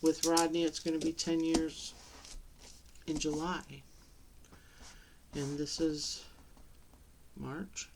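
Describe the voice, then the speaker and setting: Halting, tearful middle-aged woman. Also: low voice, flat delivery, a little mellow, a little hiss or hum. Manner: halting, tearful, with many pauses and restarts. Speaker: vlogger. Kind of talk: personal talk to camera.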